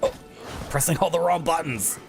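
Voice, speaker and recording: A woman's voice: low voice, moderate pace, music in the background. A woman streamer rambling through casual, self-mocking gaming commentary.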